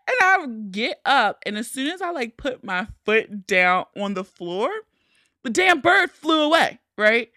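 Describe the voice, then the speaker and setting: Lively, bright-voiced woman telling a story. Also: on the high side, a little slow, no echo, clean studio sound. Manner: animated, profane, shrieks when acting out panic. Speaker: podcast host. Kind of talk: casual storytelling.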